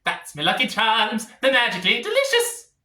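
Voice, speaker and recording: A man voicing a mischievous little leprechaun in a mock Irish accent, sing-song with squeaky jumps. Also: huge pitch swings, moderate pace, bright, forceful tone, exaggerated voice. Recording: echoey room.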